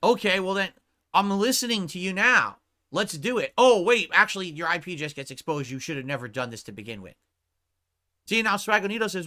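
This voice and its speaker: A man's voice: high voice, lively intonation, brisk, pushed and bright. A male streamer on a heated, profane rant who keeps checking his point with 'right?'. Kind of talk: angry livestream rant.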